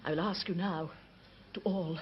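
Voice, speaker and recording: An actress playing a solemn medium who leads a séance in a TV sitcom, giving grave, ceremonious instructions. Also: female voice, fairly low pitch, steady tone, moderate pace, dull audio, a little hiss or hum, natural voice.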